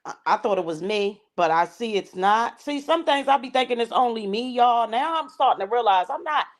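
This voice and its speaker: Blunt woman host, lively swooping voice, a bit high, chatting with food in her mouth. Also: brisk. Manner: blunt, animated, slangy and emphatic. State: eating while talking. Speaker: show host. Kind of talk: casual gossip commentary chat.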